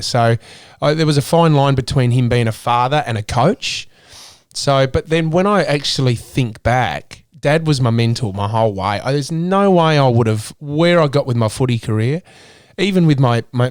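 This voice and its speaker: A man's voice: medium pitch, no echo, studio quality. An Australian man in his thirties talking candidly and earnestly as an interview guest, often restarting his sentences. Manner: earnest, emotional, with many restarts.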